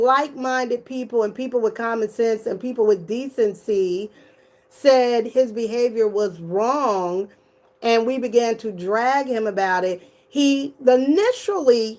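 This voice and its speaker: A middle-aged woman talks through a casual commentary, animated and blunt, with plenty of swearing. Her voice sits a little high. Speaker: commentary YouTuber.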